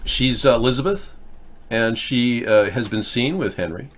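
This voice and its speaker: A man's voice: mid-range voice, normal speed. A man in his fifties hosting a political chat show, talking in a rambling way with frequent hesitations. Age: 50s. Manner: rambling, many hesitations and restarts. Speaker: host. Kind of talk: casual political commentary.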